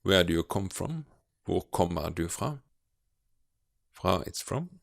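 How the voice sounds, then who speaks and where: A low-pitched man with a gravelly edge to his voice teaches a grammar lesson. He explains patiently and takes his time, pausing often to find his words. The sound is dry and close. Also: very animated, dry recording. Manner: slow, patient explaining with frequent hesitations. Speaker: language teacher.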